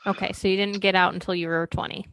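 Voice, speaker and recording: A woman's voice: mid-range voice, little pitch movement, fast talker, creaky, a bit bright, smooth. A woman hosting an interview, asking short, curious questions and laughing along. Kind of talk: casual interview chat.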